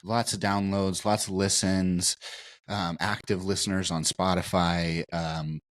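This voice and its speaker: A man's voice: low voice, little pitch movement, measured pace. A man co-hosting a podcast, talking in a rambling, candid way and often restarting his sentences. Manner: rambling, many restarts, candid and self-reflective. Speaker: podcast co-host. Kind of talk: casual conversation.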